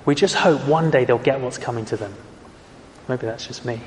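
A man's voice: mid-range voice, moderate pace, slight background noise. A man preaching a sermon in an earnest, conversational way, asking his listeners questions. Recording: echoey hall with long reverb.

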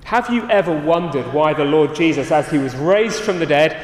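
A man's voice: on the high side, lively intonation, normal speed. A man preaching a sermon, earnest, often restarting his sentences. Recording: roomy hall reverb.

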